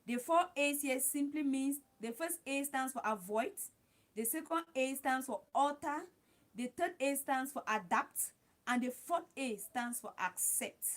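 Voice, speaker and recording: A woman's voice: sits high, animated, unhurried. A woman hosting a casual livestream, giving advice and repeating her points while talking straight to her viewers. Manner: repetitive, talks straight to viewers as "guys". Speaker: livestream host.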